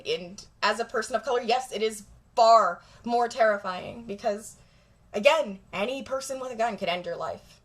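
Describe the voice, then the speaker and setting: A woman's voice: fairly high pitch, normal speed. A woman vlogger talking straight to camera in a blunt, profane, emphatic rant. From Jamaica.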